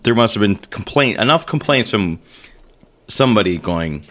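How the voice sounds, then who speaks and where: A middle-aged man co-hosting a podcast, chatting casually and joking over cocktails in an animated way. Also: on the low side, normal speed, noisy background. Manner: animated, joking, trails off mid-sentence. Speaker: podcast co-host.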